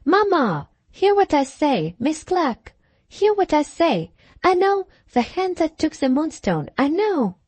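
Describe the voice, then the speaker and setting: A woman's voice: high voice, big pitch swings, slow pace, darkish tone, no room sound, voice pushed up, full character voice. A woman reading an audiobook, voicing a vehement young woman in hysterics who pleads and insists frantically. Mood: frantic.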